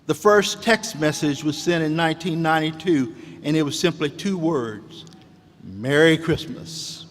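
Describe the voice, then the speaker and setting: A man's voice: on the high side, unhurried. A man giving a rousing commencement speech in a preacher-like cadence, with repeated calls to the graduates. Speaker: commencement speaker. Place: large hall. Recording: long hall reverb.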